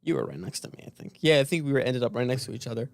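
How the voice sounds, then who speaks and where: A man's voice: medium pitch, racing, gravelly, dry recording. A young man co-hosting a casual podcast, telling a rambling story and acting out the voices of the people in it. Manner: rambling storyteller who acts out quoted voices. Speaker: podcast co-host. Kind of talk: casual chat.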